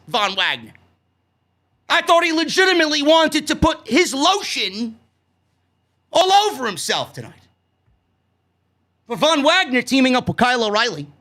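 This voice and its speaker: A man with a New York accent reviewing a wrestling show in a loud, sarcastic, profane rant that breaks into shouts. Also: very high-pitched. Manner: loud, sarcastic, swears a lot, shouts often.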